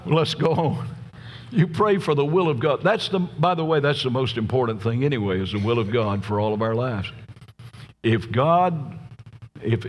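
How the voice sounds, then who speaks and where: A middle-aged man preaching a sermon as pastor, folksy and storytelling, often asking his listeners "Amen?". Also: mid-range voice. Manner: folksy, tells jokes, asks the crowd "Amen?". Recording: long reverb from a large church hall.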